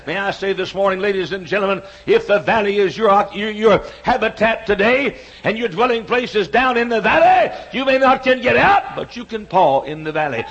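A man in his sixties preaching a sermon, building repeated phrases up into shouts. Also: high voice, expressive, normal speed, hardly any pauses, husky. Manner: rhythmic repetition, rising to shouts. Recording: dull lo-fi sound.

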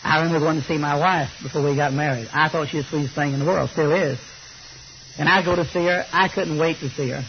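A man's voice: fairly high pitch, fairly even intonation, fast talker. An older man preaching a sermon, telling folksy, joking stories. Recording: slightly muffled recording with faint hiss.

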